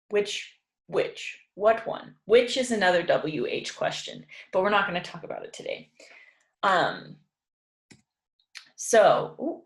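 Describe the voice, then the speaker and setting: Slow-talking woman teaching English, echoey room. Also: medium pitch. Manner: slow, patient explaining with example sentences. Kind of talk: informal language lesson.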